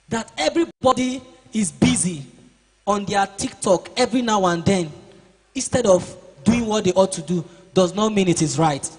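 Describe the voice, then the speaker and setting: A man with a high, slightly breathy voice speaks at a normal pace in a reverberant hall. He is giving a preachy motivational seminar to teenage boys, quizzing the class and acting out their excuses.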